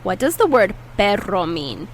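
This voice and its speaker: A woman teaching Spanish vocabulary in a patient way, saying each word slowly and repeating it for learners. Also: medium pitch, sing-song, slight background noise, low-quality recording. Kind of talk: slow, clear language lesson.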